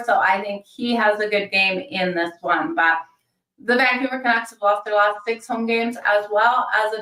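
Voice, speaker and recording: A woman hosting a daily hockey betting show, talking fast and chatty, thinking out loud with fillers. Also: mid-range voice, far from the mic. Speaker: sports betting show host. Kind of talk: casual fast-paced hockey picks talk. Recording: roomy sound from off-mic.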